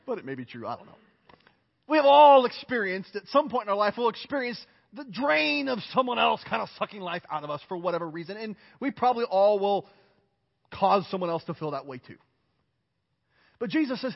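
A man's voice: extremely high pitch, big pitch swings, brisk, creaky. A male pastor preaching a sermon in an earnest, emphatic way, repeating his phrases and joking at his own expense. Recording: reverberant hall, dull lo-fi sound.

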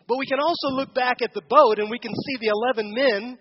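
A man's voice: very high-pitched, quick pace, few pauses, slightly rough, lo-fi sound. A man giving a conversational sermon as a pastor, asking the congregation questions during a church service.

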